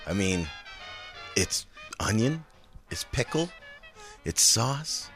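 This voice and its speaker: A man's voice: mid-range voice, big pitch swings, slow, music in the background. A man on a casual podcast, crude and grumpy, swearing freely. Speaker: podcast guest. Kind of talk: casual comedic podcast chat.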